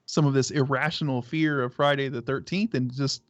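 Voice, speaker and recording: A man's voice: medium pitch, fairly even intonation, moderate pace, no room sound. A man co-hosting a live show, laid-back and stammering, with lots of repeated words. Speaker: co-host. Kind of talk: casual live show chat. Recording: dry, dull lo-fi mic.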